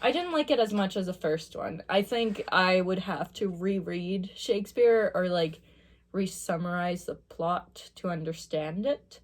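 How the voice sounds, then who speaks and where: A woman's voice: fairly low pitch, expressive, measured pace. Chatty young woman, music student. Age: young adult. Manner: chatty, thinking aloud, analytical. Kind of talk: casual listening reaction commentary.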